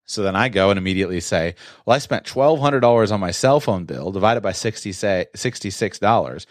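Talking a little fast, a man covers personal finance in a conversational, explanatory solo piece, captured with studio quality and no echo. At times he plays his own startled inner voice, pitching upward in mock shock.

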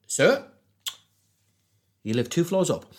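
A man's voice: a little high, big pitch swings, takes it slowly. A man playing a huge, stern male hotel security guard who barks curt commands.

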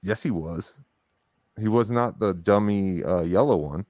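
Man, lowish voice, casual podcast chat, rambling, dry close sound. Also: a little slow, a little mellow, no echo. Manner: rambling, with many fillers and restarts. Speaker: podcast co-host.

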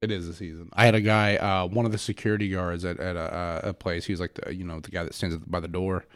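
A man with a deep, smooth voice that moves little in pitch talks quickly while co-hosting a podcast. He tells rambling stories in casual chat and laughs often. The sound is clean studio audio with no room sound.

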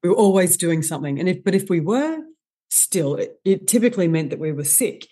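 A woman, a guest expert on stress, explaining with animated enthusiasm in a podcast interview. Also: on the low side, fairly quick. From Australia.

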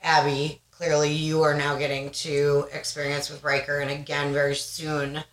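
A woman in her thirties co-hosting a podcast with friends, telling stories in a chatty, animated, reflective way. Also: low-pitched, moderate pace. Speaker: podcast co-host. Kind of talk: casual chat. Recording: roomy echo.

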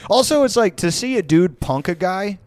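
A man's voice: sits high, animated, moderate pace, a little mellow, clear, resonant tone, dry recording. Rambling, profane male storyteller. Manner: rambling, profane, many fillers. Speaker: podcast co-host. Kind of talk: casual storytelling.

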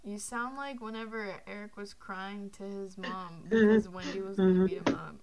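A young woman co-hosting a podcast, teasing and excitable in casual chat. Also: mid-range voice, moderate pace, a crowd in the background. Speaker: podcast co-host.

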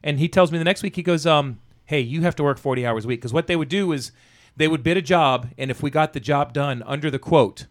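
A man's voice: a little high, fast talker. A man telling a profanity-laced story about an old job in casual conversation, acting out the dialogue. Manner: profane, animated anecdote-telling with quoted dialogue.

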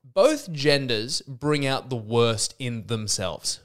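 Slow and animated, a man in his thirties with a mid-range, clear, resonant voice hosts a podcast. His solo rant is comedic, sarcastic, and exasperated, with lots of restarts, and he seems slightly ill.

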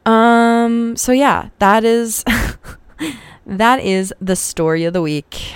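A woman's voice: on the high side, slow, smooth, no room sound. A young woman hosting a podcast, telling a personal story in a frank, profane, casual way and getting heated as she retells arguments. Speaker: podcast host.

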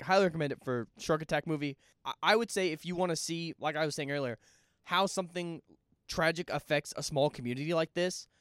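A man's voice: fairly high pitch, dry recording, clean studio sound. A young man co-hosting a podcast, chatting casually about a film and rambling through restarts mid-thought. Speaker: podcast co-host.

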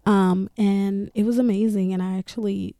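A woman talks openly on her podcast, swearing freely and laughing between phrases. Her voice is gravelly and dark. The sound is dry and close. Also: mid-range voice, fairly even intonation, normal speed, dry recording. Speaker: podcast host. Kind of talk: casual personal talk.

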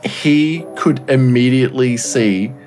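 A man's voice: medium pitch, slow pace, darkish tone, soft background music. A man, co-hosting a podcast and telling a long rambling story in casual chat, swearing often and acting out what people said. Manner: rambling storyteller, swears a lot, acts out quotes. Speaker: podcast co-host.

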